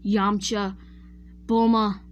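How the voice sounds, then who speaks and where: A woman's voice: medium pitch, flat delivery, extremely slow, highs cut off, a little hiss or hum. A woman casually retelling a fan-made what-if story, rambling and often correcting herself mid-sentence while chatting to viewers. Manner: chatty, addresses viewers directly.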